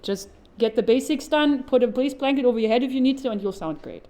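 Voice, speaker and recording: A woman's voice: a little high, fast talker, mellow. A woman voice actor giving an informal how-to talk at a convention panel, chatty and upbeat with jokey asides.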